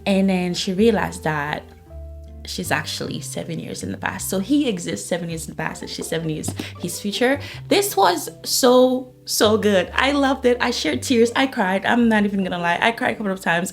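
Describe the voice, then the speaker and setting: Young woman, chatty book vlogger, gushing, acts out quotes, soft music behind. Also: mid-range voice. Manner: gushing, chatty, retells plots with quick quoted asides. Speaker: book reviewer. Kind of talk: casual monthly reading wrap-up.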